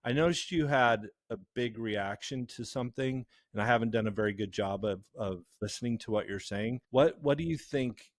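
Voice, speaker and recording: A man's voice: medium pitch, no room sound. A man talking as a guest on a podcast, thinking aloud and restarting his sentences as he goes. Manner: reflective, halting, with repeated restarts. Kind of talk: casual conversational podcast talk.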